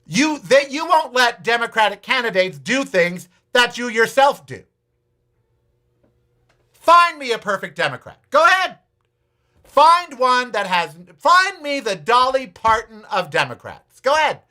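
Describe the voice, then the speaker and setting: High, bright-voiced man ranting. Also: very animated, a little slow. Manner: profane, sarcastic, repetitive challenges. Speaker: podcast host. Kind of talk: ranting political talk.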